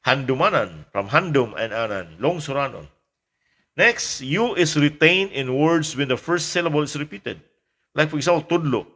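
A man teaching a language lesson in a casual lecture style, pausing with fillers and repeating example words. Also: on the high side, lively intonation, sharp tone, husky.

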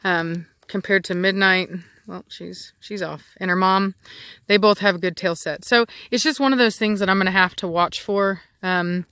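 A woman's voice: medium pitch, normal speed, pushed and bright, clean tone, no echo. A woman dog breeder talking casually outdoors, rambling with many fillers and restarts. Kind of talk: casual outdoor vlog chat. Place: outdoors in a yard with dogs.

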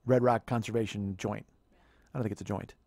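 A man in his fifties telling a funny story in a profane, animated way, laughing as he goes. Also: on the low side, fairly quick, creaky, dry recording. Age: 50s. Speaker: podcast host. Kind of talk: comedic storytelling monologue.

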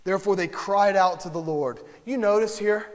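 A man preaching a sermon as pastor in a church, with impassioned delivery that swings from hushed to shouting. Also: sits high, moderate pace. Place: church sanctuary. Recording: long hall reverb, faint music.

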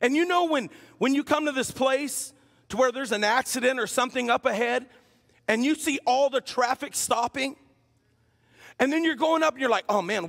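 Male pastor with a very high, gravelly voice, playful preaching style, echoing sanctuary. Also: fairly bright tone. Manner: humorous, teasing the congregation. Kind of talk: sermon. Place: church sanctuary. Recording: long hall reverb.

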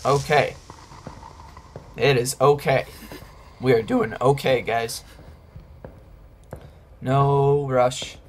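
A man's voice: medium pitch, steady tone, extremely slow, pauses often, a little hiss or hum. A man giving nervous let's-play commentary on a horror game, often murmuring reassurances to his viewers. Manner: jittery, whispers reassurances to viewers. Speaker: gaming YouTuber.

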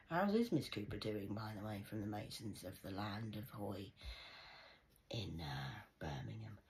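Very husky woman, half-whispering. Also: low-pitched, unhurried, low-quality recording. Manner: drifts between hushed whispers and sudden loud outbursts; swears freely, conspiratorial tone. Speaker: vlogger. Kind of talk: rambling monologue to camera.

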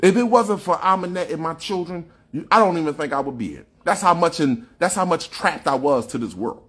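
A man's voice: sits high, fairly bright tone, breathy edge. A man giving a fervent, preachy spiritual monologue on a phone livestream, repeating himself and swearing often. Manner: fervent, preachy, repetitive, with frequent profanity. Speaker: livestream host.

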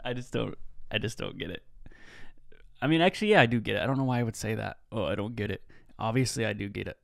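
A man's voice: mid-range voice, dry recording, clean studio sound. A man in his twenties hosting a podcast, telling rambling, laid-back stories in a casual monologue. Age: 20s. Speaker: podcast host.

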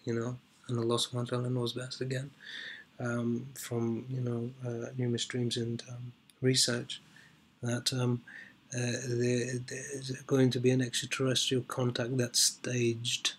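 A male video blogger gives unscripted commentary while reading an article, his middle-pitched voice very monotone and unhurried. He's hesitant, packing in ums and uhs and repeating words for emphasis, with a bit of hiss or hum in the background.

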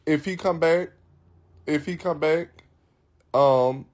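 A man talks straight to his live-stream viewers in loose, unscripted chat. His voice sits a little higher than most men's. He is blunt and profane, and he rambles from one point to the next. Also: slow.

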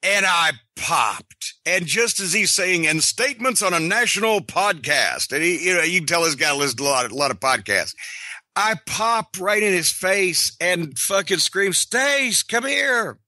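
A middle-aged man hosting a podcast, telling a story in an animated, profane, sarcastic way. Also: fairly high pitch, normal speed, no room sound. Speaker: podcast host.

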